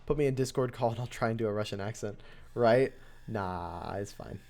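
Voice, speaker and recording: A man's voice: on the low side, normal speed, vocal fry, darkish tone. A man hosting a casual live stream, chatting, laughing often and thanking donors as he comments on matches. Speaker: streamer and host.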